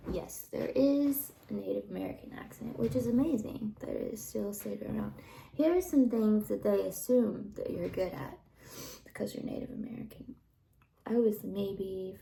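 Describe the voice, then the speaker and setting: Slow, gravelly-voiced woman telling stories. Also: mid-range voice, poor audio. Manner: rambling, drops into soft whispered asides. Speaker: vlogger telling personal stories. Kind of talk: casual storytelling monologue.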